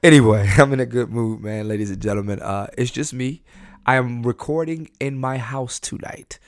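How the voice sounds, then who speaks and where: A man hosting a casual solo podcast from home, high on weed, loose and rambling, laughing and cursing as he talks. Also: moderate pace, dry recording, studio quality. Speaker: podcast host.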